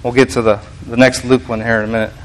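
A man's voice: medium pitch, level tone, quick pace, slight background noise, poor audio. A man preaching a casual teaching sermon, reading scripture aloud and explaining it in a conversational, restarting manner.

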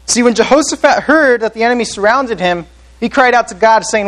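High-voiced man preaching a sermon. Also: brisk, fairly bright tone, rough recording. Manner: earnest preaching, asks the congregation questions. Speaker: pastor.

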